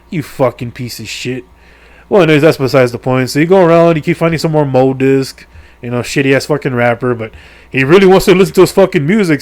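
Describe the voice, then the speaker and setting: A middle-aged man casually recapping a video game's story, rambling with crude jokes, heavy swearing and lots of fillers. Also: medium pitch. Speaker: gaming video creator.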